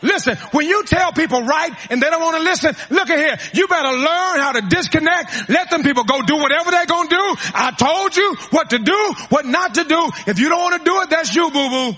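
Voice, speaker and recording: High, bright-voiced preacher in a reverberant hall. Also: male voice, expressive, fairly quick, hardly any pauses. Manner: call-and-response preaching with repeated phrases. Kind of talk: sermon.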